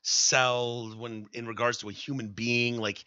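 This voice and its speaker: A man's voice: medium pitch, level tone, measured pace, pushed and bright, smooth, no echo, lo-fi sound. A man with a Michigan accent co-hosting a podcast in casual banter, joking and acting out quotes. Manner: chatty, joking, acts out quotes. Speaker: podcast co-host.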